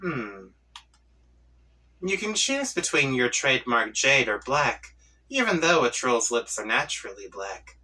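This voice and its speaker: Man reading a comic aloud slow, bright-voiced and playful. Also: mid-range voice, big pitch swings, far from the mic, low-quality recording. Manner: playful, reads chat lines in voices and laughs along. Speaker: comic reading channel host. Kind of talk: reading a webcomic aloud with reactions.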